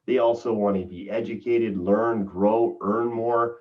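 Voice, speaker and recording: A man's voice: lowish voice, steady tone, unhurried. Earnest man on a muffled distant call. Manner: enthusiastic, earnest. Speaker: guest. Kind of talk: casual chat. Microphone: video call.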